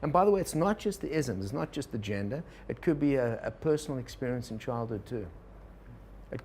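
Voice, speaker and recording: A man's voice: mid-range voice, darkish tone, a little hiss or hum. A man giving a workshop lecture on personal change, telling a fable, voicing inner thoughts and asking the audience questions. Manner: storytelling with quoted inner voices, asks the audience questions. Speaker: organizational consultant teaching a workshop.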